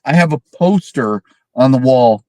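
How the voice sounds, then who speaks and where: A man co-hosting a horror film livestream, talking casually and excitedly, swearing and mimicking characters. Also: medium pitch, a little slow, dry recording, low-quality recording. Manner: animated, swearing, mimics characters with big shrieks. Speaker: podcast co-host reviewing horror films.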